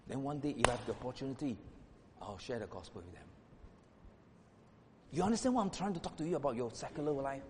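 Preaching pastor in a reverberant hall. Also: male voice, lively intonation, fast, pauses often. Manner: impassioned preaching, swinging from loud exclamations to hushed asides. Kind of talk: sermon. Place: church hall. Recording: reverberant hall with faint rumble.

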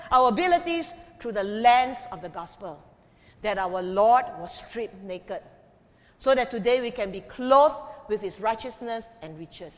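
A woman pastor preaching an emphatic sermon, swinging between loud declarations and quiet asides. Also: mid-range voice, expressive, measured pace, big-room sound. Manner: emphatic, with big swings in loudness.

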